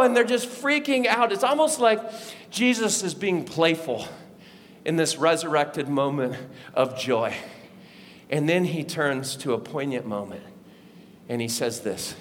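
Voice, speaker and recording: A man preaching a sermon as a pastor, telling the story in a lively way and acting out the voices of the people in it. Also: sits high, a little slow. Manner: animated storytelling, acts out voices of disciples. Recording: long reverb of a large hall.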